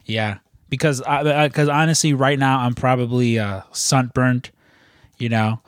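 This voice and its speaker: A man's voice: mid-range voice, steady tone, unhurried, clear, resonant tone, no echo, studio quality. A young man co-hosting a podcast, telling rambling, profane stories in casual chat with lots of fillers. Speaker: podcast co-host.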